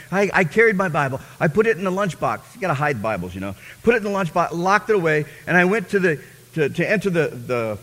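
A man preaching a personal testimony as a sermon, telling his story with fervor and swinging from hushed, quiet passages to loud, impassioned ones. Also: a little high, big-room sound.

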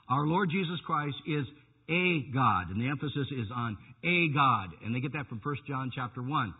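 A man preaching a fiery radio sermon, stressing words slowly and emphatically. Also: medium pitch, slightly rough, in a large hall. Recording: tinny phone-like radio broadcast.

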